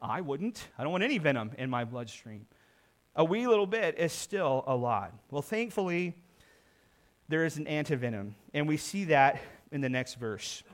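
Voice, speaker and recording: A man's voice: fairly high pitch, animated, normal speed. A middle-aged man, a pastor, preaching an earnest sermon and rising in volume for emphasis.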